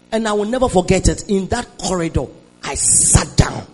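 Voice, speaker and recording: A Nigerian woman preaching a sermon, moving between hushed storytelling and shouted declarations and calling on the congregation to respond. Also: fairly low pitch, lively intonation, normal speed, slightly rough, rough recording. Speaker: preacher giving a testimony.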